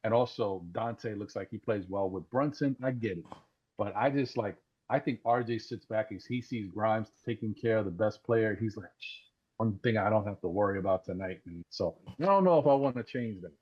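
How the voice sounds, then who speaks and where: Excited man calling in on a lo-fi line. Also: lowish voice, moderate pace, husky. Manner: excited, rambling, repeats words. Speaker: caller. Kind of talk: casual call-in sports talk. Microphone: Discord voice call. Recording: dull lo-fi call audio.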